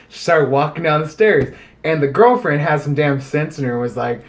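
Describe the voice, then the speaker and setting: A man with a somewhat high voice tells a story in casual podcast chat. He swears freely and slips into the voices of the people he describes. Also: fairly quick. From United States. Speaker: podcast co-host.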